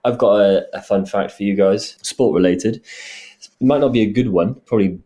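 A man's voice: fairly low pitch, normal speed, warm tone. A man co-hosting a casual podcast who talks hesitantly, with many restarts and filler sounds. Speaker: podcast co-host.

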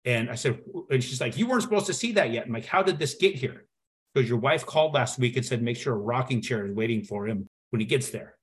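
A man telling a personal story as a podcast guest, acting out the dialogue with lively shifts in his voice. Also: medium pitch, a little fast. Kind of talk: storytelling in conversation.

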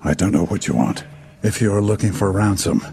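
An actor playing a grim, calm father threatening his daughter's kidnappers with low, measured menace. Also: a little hiss or hum, lightly acted. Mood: menacing.

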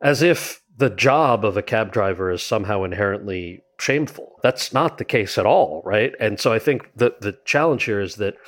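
A man, an actor and writer, telling stories from his career in a casual interview, animated and full of quoted asides. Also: on the low side, moderate pace, few pauses. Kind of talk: conversational storytelling.

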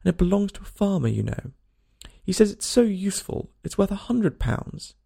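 A man's voice: sits high, sing-song, normal speed, vocal fry, dark tone, slightly rough, voice pushed up, exaggerated voice. A man voicing a polite, curious young girl who chatters eagerly and earnestly in a storybook reading.

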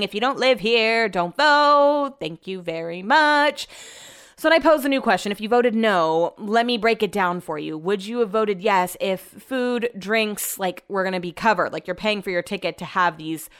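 A young woman casually telling stories to her viewers at home, animated and sprinkled with swearing and "like". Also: mid-range voice, clean tone. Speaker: vlogger. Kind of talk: casual chatty storytelling.

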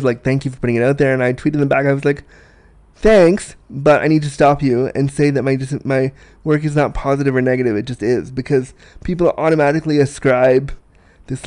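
A man's voice: medium pitch, steady tone, fairly quick, a little mellow. A man chatting casually and frankly as a disability sex educator, joking and laughing often. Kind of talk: casual podcast chat.

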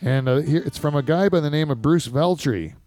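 Mellow-voiced man, rambling and profane. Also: a little high, a little fast. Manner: rambling, profane, mock-ranting. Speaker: podcast host. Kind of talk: casual podcast chat.

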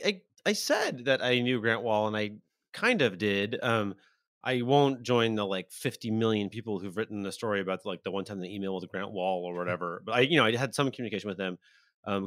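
Guy rambling on a podcast, kinda low voice, dry close sound, lots of uh and like. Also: fairly quick, a bit bright, no room sound. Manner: rambling, frequent fillers and trailing off. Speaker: podcast guest and site editor. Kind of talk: casual podcast talk.

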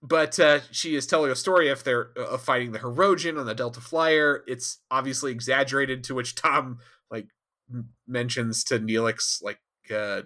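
A man co-hosting a podcast, telling a rambling, animated recap with frequent asides. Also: medium pitch, normal speed. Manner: rambling, animated, laughs often. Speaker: podcast co-host. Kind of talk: casual recap chat.

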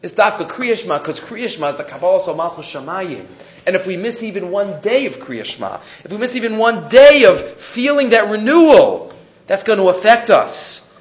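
Animated man teaching, high lively voice. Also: brisk. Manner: animated storyteller, mixes Hebrew quotes into English. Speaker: rabbi teaching a Torah class. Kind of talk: weekly Torah portion lecture. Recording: roomy, dull lo-fi recording.

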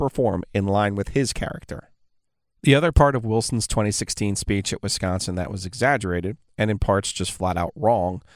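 A man reads a scripted podcast narration in a mid-pitched voice. His delivery is pointed and critical, and the recording is dry and close. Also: dry recording. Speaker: podcast host.

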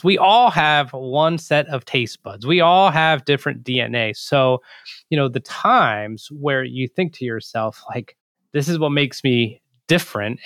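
A male podcast host sums up lessons for listeners in a coaching manner. His voice sits in a middle pitch. The recording is dry and close. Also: a bit bright, clear, resonant tone, no echo. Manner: summarizing, coaching tone. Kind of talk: casual podcast commentary.

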